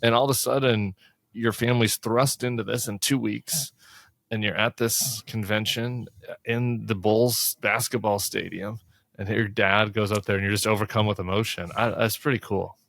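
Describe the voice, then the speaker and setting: Podcast host, man in his 40s, low-ish dry voice, chatty and upbeat, full of "like". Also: moderate pace, creaky, dry recording. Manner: chatty, upbeat, uses lots of "like", jumps pitch when animated. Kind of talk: casual political chat.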